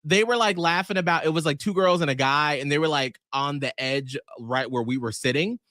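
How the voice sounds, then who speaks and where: A man in his forties co-hosting a podcast, telling stories in casual chat and acting out other people in shrill high voices. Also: fairly quick, dry recording, studio quality. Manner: animated storyteller who acts out people in shrill high voices. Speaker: podcast co-host.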